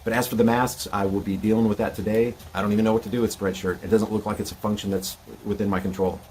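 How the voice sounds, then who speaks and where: A man's voice: on the low side, little pitch movement, quick pace, darkish tone, slight background noise. A man in a played video clip, talking earnestly and justifying himself to his viewers. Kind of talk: monologue to camera in a played clip.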